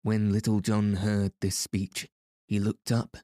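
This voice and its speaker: A man reading a storybook aloud as narrator, in a measured, even way, close to the mic. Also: lowish voice, no echo. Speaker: audiobook narrator.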